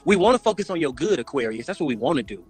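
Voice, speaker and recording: A brash man from Texas trades teasing, mock-angry jabs in a casual livestream chat. His voice sits high for a man and has a husky edge. Faint music runs underneath. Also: big pitch swings, racing. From Texas, USA. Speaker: guest.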